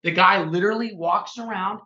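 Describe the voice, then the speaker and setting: A fairly high-voiced man tells a story in a bright, forceful way and acts out each exchange as he goes. He sounds like a realtor on a podcast. The sound is dull and lo-fi, and the room echoes. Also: a little fast. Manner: animated, acts out quoted dialogue. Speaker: realtor guest on a real estate podcast. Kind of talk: casual storytelling.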